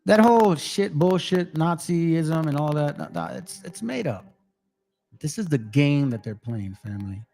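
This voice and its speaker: A man with a somewhat raised pitch and a gravelly edge hosts his own channel. He talks casually and directly to his viewers, calls them family, and swears freely. Faint music plays behind him. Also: very animated, unhurried, darkish tone. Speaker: channel host.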